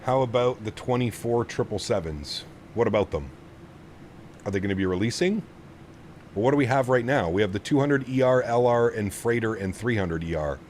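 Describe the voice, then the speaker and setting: Male streamer, low voice, lively casual chat, faint background hum. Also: moderate pace. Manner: chatty, reads chat aloud, coos at his dog. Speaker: flight sim streamer.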